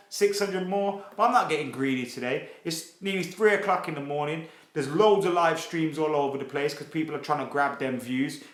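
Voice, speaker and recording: Lad hosting a late-night fan stream, fired up and swearing, slightly high voice, echoey room. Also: male voice. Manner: excitable, sweary, reads viewer comments aloud. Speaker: football fan channel host. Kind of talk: casual live stream chat. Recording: roomy echo.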